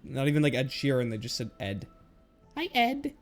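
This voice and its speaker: A young man talks loosely through his old slides, rambling, laughing and poking fun at himself. His voice sits at an ordinary pitch and he talks into a webcam. Light music plays faintly behind him. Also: quick pace, creaky. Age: young adult. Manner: rambling, self-mocking, laughs often. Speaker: YouTuber. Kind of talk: casual commentary on old school slides. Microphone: webcam recording.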